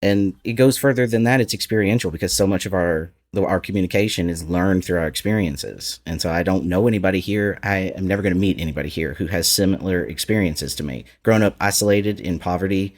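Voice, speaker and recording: A man's voice: deep voice, fast talker, hardly any pauses. A man with an Appalachian accent, a podcast guest talking candidly and reflectively, often laughing. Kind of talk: casual podcast conversation.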